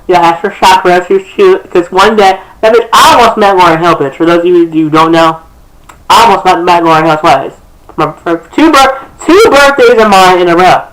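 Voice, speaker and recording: A young man with a notably high speaking voice chats straight into his camera. He rambles sassily through his own lyrics, calling people girl and restarting his sentences. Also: fairly bright tone, rough recording. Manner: sassy and chatty, calls people girl, many restarts. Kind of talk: casual rambling commentary to camera. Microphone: camera facing him.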